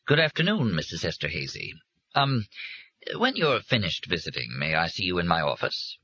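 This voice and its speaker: A man's voice: sits low, big pitch swings, moderate pace, bright, forceful tone, slightly rough, no room sound, dull audio, full character voice. A man reading aloud, playing a pompous, insecure male psychiatrist who talks in formal clinical phrases.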